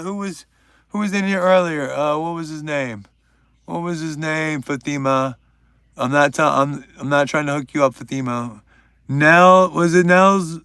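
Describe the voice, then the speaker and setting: A man's voice: fairly high pitch, pushed and bright, clear, resonant tone, dry recording, clean studio sound. A young man hosting a livestream, chatting casually and joking while reading out viewers' names. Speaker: livestream host.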